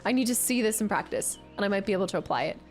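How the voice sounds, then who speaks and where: A woman's voice: medium pitch, lively intonation, rapid-fire, soft background music. A young woman streaming a game, chatting casually and joking around with silly voices. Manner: playful, jokey, trying out silly voices.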